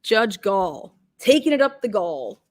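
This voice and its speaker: A woman hosting a true crime livestream, ranting casually and loudly with a lot of swearing. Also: mid-range voice, unhurried. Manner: rowdy, swearing, animated. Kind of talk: casual profane livestream rant.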